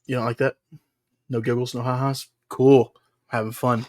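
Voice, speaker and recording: His mid-range voice is level and a little mellow, moving at normal speed. He's an American co-host of a casual wrestling podcast who wanders through the news, laughs a lot and says "uh" constantly.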